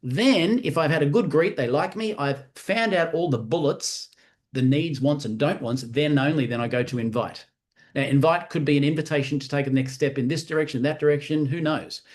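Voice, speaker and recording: A man in a slightly higher register delivers a lively motivational training talk to a live audience. He hammers home key phrases by repeating them and slips into quick acted dialogue. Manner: acts out sales-call dialogue. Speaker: network marketing trainer.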